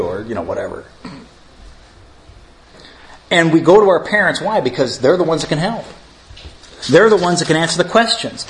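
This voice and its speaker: A man's voice: mid-range voice, lively intonation, quick pace, slight background noise, poor audio. A middle-aged man preaching a sermon, telling stories in a conversational way and rising to emphatic lists. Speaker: pastor.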